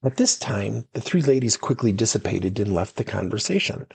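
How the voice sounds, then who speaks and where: A man's voice: lowish voice, normal speed, gravelly, husky, dry recording. A middle-aged man, a workplace coach and podcast host, telling stories and acting out the dialogue. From United States. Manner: animated, acts out dialogue in stories. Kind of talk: storytelling coaching talk.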